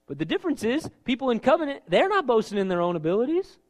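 A man preaching a sermon, emphatic and animated, acting out scripture scenes as he goes. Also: extremely high pitch, fast talker.

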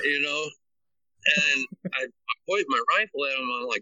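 A man spins crude, rambling stories in casual chat, his tone bright and sharp. He jumps into higher voices for the people he quotes. The sound is dry and a little dull, with no room around it. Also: normal speed, no echo. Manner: profane, acts out quotes in a raised voice. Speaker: veteran storyteller.

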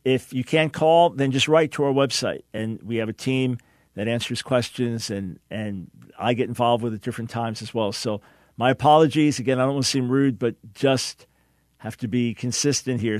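A man hosting a call-in radio talk show, earnest and emphatic. His voice sits at a middle pitch and often repeats a word as he starts a sentence. The studio sound is dry and close. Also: moderate pace, no room sound.

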